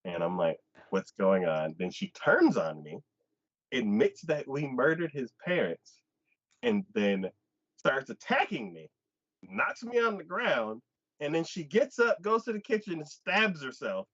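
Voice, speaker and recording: A man's voice: a little slow, no room sound. A man hosting a casual anime chat, retelling an episode and acting out the characters' lines. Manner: animated retelling, acts out characters' lines with pitch jumps. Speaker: anime podcast host. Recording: dull lo-fi dry sound.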